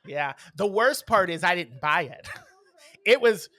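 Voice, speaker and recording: A man with a bright, forceful voice co-hosts a casual podcast. He tells stories bluntly and with plenty of snark, in a dry, close sound. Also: high-pitched, expressive, takes it slowly, dry recording. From New York. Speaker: podcast co-host. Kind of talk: casual chat.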